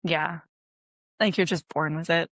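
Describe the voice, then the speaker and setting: A woman's voice: deep voice, fairly even intonation, moderate pace, a bit bright, no echo. A woman from Wisconsin in her thirties, a guest chatting casually in an interview, laid-back and full of "like" fillers.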